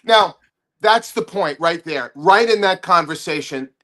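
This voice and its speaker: Animated man telling a comedy story. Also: sits high. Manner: animated, halting restarts. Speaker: comedian guest. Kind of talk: podcast storytelling.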